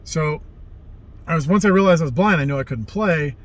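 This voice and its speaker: A man's voice: a little high, fairly quick. A middle-aged man casually telling rambling stories from his youth, livening up when he quotes people. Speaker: vlogger telling life stories. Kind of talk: casual storytelling.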